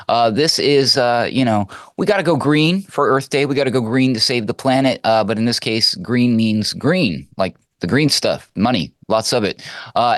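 A man's voice: low-pitched, fairly bright tone, dry recording. A man delivering news commentary with mocking, wry asides, speaking to a co-host. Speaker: political commentator.

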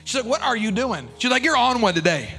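High bright-voiced preaching pastor. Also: male voice, sing-song, quick pace, soft background music. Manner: preaching with rising shouts and sung cadences. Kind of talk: sermon. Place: church sanctuary.

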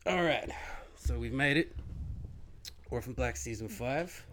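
A man's voice: medium pitch, a little slow, a bit bright, a little hiss or hum. A man co-hosting a podcast, chatting casually and animatedly, sometimes mimicking other people's voices as he tells stories. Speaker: podcast co-host. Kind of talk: casual chat.

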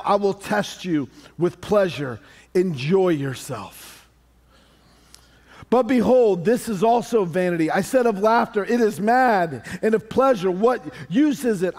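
A middle-aged man preaching a sermon as a pastor, conversational and animated, with humorous asides to the congregation. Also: high voice.

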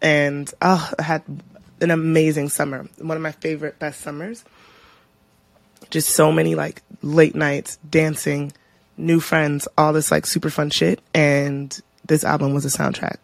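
A woman co-hosting a podcast, chatting casually and telling stories in an expressive, animated way. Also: low-pitched, unhurried, creaky, dry recording. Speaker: podcast co-host. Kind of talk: casual chat.

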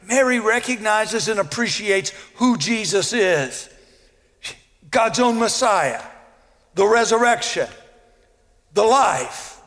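Male preacher, very high voice, earnest sermon, emphatic repeats, long hall reverb. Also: fairly bright tone. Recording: long echo of a large hall.

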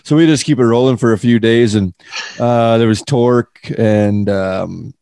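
A man's voice: medium pitch, moderate pace, creaky, dark tone, clear, resonant tone, no echo. Male podcast host, loose rambling storyteller, curses freely, dry close sound. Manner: rambling storyteller, swears freely, many fillers. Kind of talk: casual podcast chat and ad read.

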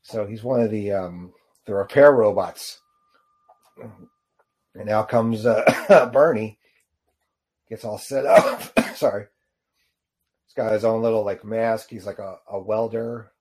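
A man with a fairly low voice talks casually through a short film as he watches it. He rambles and halts often, filling his pauses with ums and uhs. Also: darkish tone. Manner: rambling, halting with many fillers. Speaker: video reactor. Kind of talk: casual reaction commentary.

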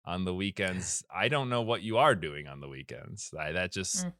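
A man's voice: deep voice, animated, normal speed, a bit bright, smooth, no room sound, studio quality. A young man co-hosting a podcast, joking and self-mocking, often trailing off into mumbles. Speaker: podcast co-host. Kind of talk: casual chat.

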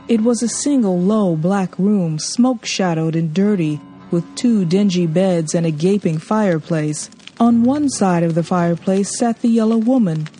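A woman narrating a novel in a measured, expressive audiobook reading. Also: on the low side.

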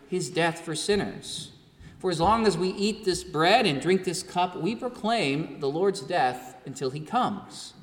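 A male pastor delivering a sermon in a measured preaching cadence, building lists and rhetorical questions. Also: high-pitched, in a large hall.

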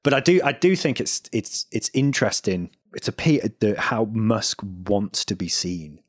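Deep-voiced blunt man. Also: expressive, unhurried, dry recording, clean studio sound. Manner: blunt, hesitant restarts, sweary critique. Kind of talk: casual conversational commentary.

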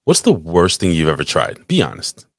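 A man's voice: low-pitched, huge pitch swings, normal speed, creaky, no echo, studio quality. A man co-hosting a podcast in casual chat, crude, profane and teasing. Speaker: podcast co-host.

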